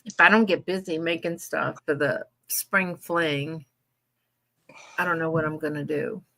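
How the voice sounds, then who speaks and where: A woman's voice: deep voice, steady tone, a little slow, creaky, pushed and bright. A woman co-hosting a casual live-stream chat with a friend, easygoing and chatty, sometimes turning to talk to someone off-camera. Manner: chatty and easygoing, talks to people off-camera between remarks. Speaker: co-host.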